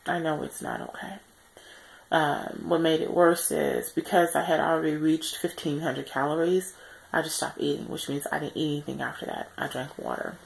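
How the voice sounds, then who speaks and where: A tired woman records a candid video diary close to the camera mic. Her low voice has a gravelly edge, and she talks earnestly, with many pauses and restarts as she works through her thoughts. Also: poor audio. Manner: reflective and earnest, many pauses and self-corrections. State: tired, yawning. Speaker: vlogger on a weight-loss journey.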